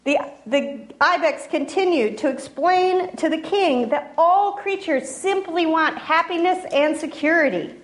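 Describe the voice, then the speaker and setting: Woman telling a fable, high voice, gentle w/ restarts and asides, echoey room. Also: unhurried, few pauses. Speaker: storyteller. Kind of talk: storytelling a fable. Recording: roomy echo.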